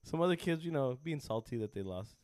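Male podcast host, casual, swears freely, animated storyteller with a dry, close recording. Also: medium pitch, brisk, no room sound. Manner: laughing storyteller, acts out quotes, swears a lot. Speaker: school sports coach. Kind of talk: casual chat.

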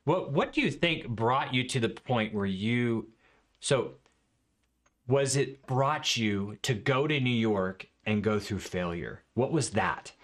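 A man's voice: mid-range voice, animated, slow. A man hosting an interview, asking hesitant questions that he restarts mid-sentence. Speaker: podcast host.

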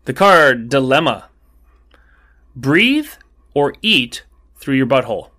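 A man co-hosting a podcast in casual chat, animated and teasing, often laughing. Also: medium pitch, slow. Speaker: podcast co-host.

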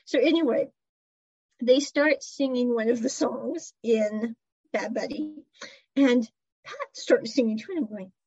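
A woman's voice: on the high side, moderate pace, darkish tone, husky, dry recording, lo-fi sound. A woman chattily retelling a drama episode, with giggles and side comments. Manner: chatty storyteller, giggles, asides. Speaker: drama recap vlogger. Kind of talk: casual episode recap.

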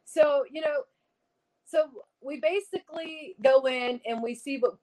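A woman, a paranormal investigator, telling a rambling, excited story on a video call and laughing often. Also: high voice, unhurried, rough recording.

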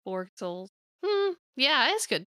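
A female podcast co-host with a bright, crisp voice, playful and giggly in a casual chat. Her voice is close and dry on the mic. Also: sits high, sing-song, slow pace, no room sound.

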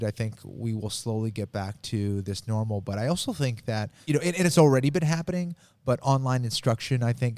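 A man speaks in an easygoing interview as a jiu-jitsu coach. His mid-range voice is lively, and he leans on repeated phrases to drive his points home. The recording is close and dry, with no room sound. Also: medium pitch, no echo. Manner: energetic, repeats phrases for emphasis. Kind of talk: casual interview answers.

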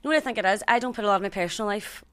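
A woman in her thirties with a Northern Irish accent, guesting on a podcast and telling animated stories with acted-out quotes. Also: mid-range voice, racing. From Northern Ireland. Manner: animated storyteller, acts out quotes. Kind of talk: casual storytelling chat.

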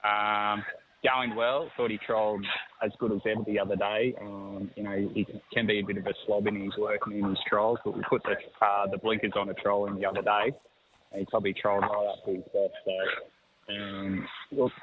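A man, a horse trainer talking over the phone in a halting, easygoing way that repeats words. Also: fairly low pitch, little pitch movement. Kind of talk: phone interview. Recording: tinny phone line with faint noise.

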